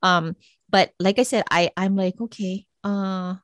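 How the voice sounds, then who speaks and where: A middle-aged woman talks with blunt, casual candor, swearing freely and acting out the things she and others said. Her voice sits at a middling pitch. The recording is dry, with no room sound around her. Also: fairly even intonation, unhurried, fairly bright tone, no room sound. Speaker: psychic medium guest. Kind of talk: casual interview chat.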